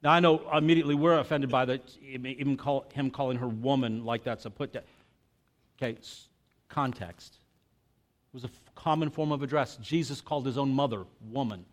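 A man preaching a sermon in a conversational, animated way. He often breaks off and restarts his sentences. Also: mid-range voice, normal speed. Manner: conversational and animated, with frequent self-interruptions and restarts. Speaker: pastor.

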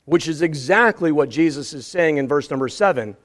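High-voiced man preaching an animated sermon. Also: brisk. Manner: animated, acts out scripture with exclamations. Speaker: pastor.

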